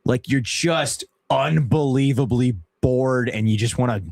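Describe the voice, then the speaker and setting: A man's voice: medium pitch, unhurried, vocal fry. A young man hosting a casual live stream, laughing and swearing as he talks. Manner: laughing, swearing, lively banter.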